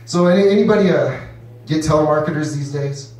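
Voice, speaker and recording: Rambling stand-up comic in an echoey room. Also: male voice, a little high, fairly quick, a little mellow, a little hiss or hum. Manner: rambling, loose, full of "you know", acts out voices. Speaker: stand-up comedian. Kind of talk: first stand-up set. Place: comedy club stage. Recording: echoey room, distant mic.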